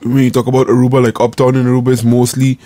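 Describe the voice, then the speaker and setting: A man's voice: medium pitch, completely flat delivery, rapid-fire, warm tone. A man in a casual podcast chat, explaining in an easygoing way. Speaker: podcast co-host.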